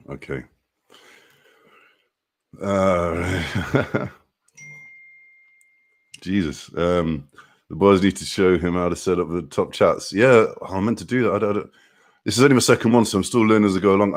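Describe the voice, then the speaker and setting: Speaking at a normal speed but pausing often, a low-voiced truck driver chats on his live stream. He reads viewer comments, calls out people by name, and laughs a lot.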